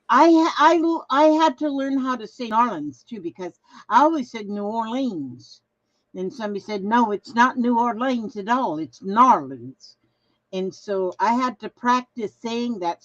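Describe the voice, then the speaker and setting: Woman host, rambling live-stream chat, slow and sing-song, muffled lo-fi audio. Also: on the high side. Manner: rambling, chatty, reads viewer comments aloud. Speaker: craft livestream host.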